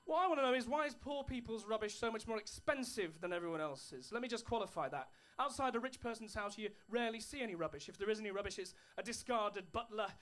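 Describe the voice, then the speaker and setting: A man's voice: high-pitched, quick pace, hardly any pauses, a bit bright. A man doing stand-up comedy, dry storytelling with put-on posh voices. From England. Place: comedy club stage with an audience.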